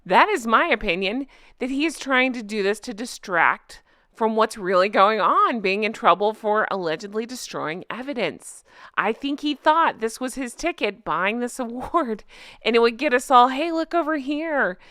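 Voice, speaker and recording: A woman's voice: a little high, lively intonation, normal speed, sharp tone, dry recording, studio quality. A middle-aged woman hosting a commentary vlog, talking in a heated, indignant way and reading viewer comments aloud. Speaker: commentary channel host.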